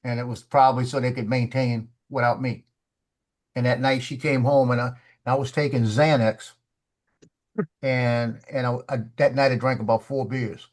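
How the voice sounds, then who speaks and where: A man's voice: mid-range voice, normal speed. Rambling man telling a story. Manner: animated storyteller, acts out the voices of people in his story; rambling, repeats words as he restarts. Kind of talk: casual studio chat. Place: studio.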